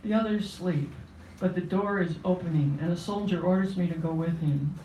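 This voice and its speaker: A poet at a cafe open mic, giving a measured, solemn reading of a first-person poem. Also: mid-range voice, warm tone, a little hiss or hum. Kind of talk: poetry reading. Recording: roomy cafe sound from a distance.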